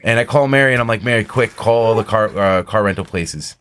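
A man's voice: lowish voice, a little fast, a bit bright, a little hiss or hum. A man telling a long, rambling, profanity-filled story on a casual podcast. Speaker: podcast co-host.

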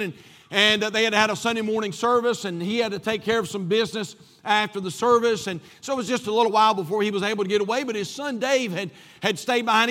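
Man preaching in church, really high bright voice, repeats himself a lot, echoey hall. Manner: preachy, repeats phrases for emphasis. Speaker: pastor. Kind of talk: sermon. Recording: long hall reverb.

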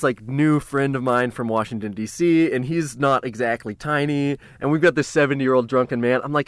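A man recounts a story in a loose, casual way, cursing freely and tripping over his own restarts. He speaks at an everyday middle pitch and now and then jumps to a louder burst. The recording is dry, with no room sound. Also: clear, resonant tone, dry recording. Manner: profane, halting, with restarts and sudden loud bursts.

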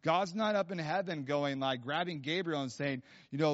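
A man's voice: on the high side, normal speed, hardly any pauses. A man preaching a sermon in a casual, rambling storytelling way, full of fillers and restarts, in a church. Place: church hall. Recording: dull sound with long hall reverb.

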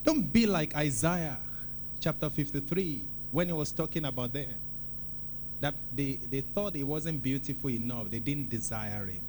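A man preaching a sermon in a church, talking in an animated, conversational way and repeating phrases for emphasis. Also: mid-range voice, normal speed, background noise. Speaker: pastor.

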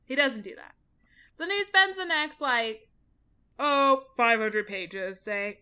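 A woman's voice: on the high side, expressive, slow, pushed and bright, clear, resonant tone. A woman co-hosting a casual book discussion in an exasperated, mocking way. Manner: exasperated, eye-rolling, mocking.

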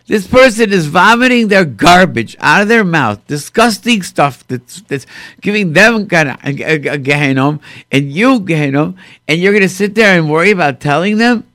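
A man's voice: high-pitched, lively intonation, moderate pace, fairly bright tone, no room sound, studio quality. A man telling stories in a casual conversation, acting out quoted speech and mixing in Hebrew and Yiddish terms.

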